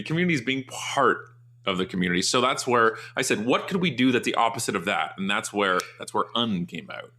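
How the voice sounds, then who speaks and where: A man speaks as an interview guest, his tone bright and forceful over a fairly low pitch. He tells stories loosely and with humor, and his voice leaps upward whenever he mimics someone else. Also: fairly quick. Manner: animated, jumps high in pitch for mocking quotes; loose, joking storyteller. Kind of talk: casual storytelling interview.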